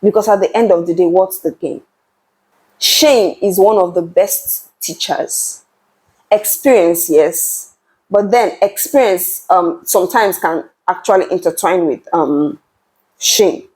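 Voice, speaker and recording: On poor audio, a young woman speaks slowly in a fairly low, darkish voice. Hosting her channel, she addresses the camera with passion and emphasis, often repeating words as she builds toward her point in earnest commentary.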